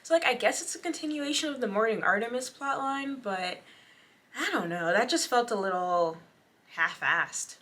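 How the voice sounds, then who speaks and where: A young woman giving casual, sardonic commentary with quick asides. Her voice is bright and forward, and her talk stays loose and chatty. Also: on the high side, animated. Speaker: reaction video host.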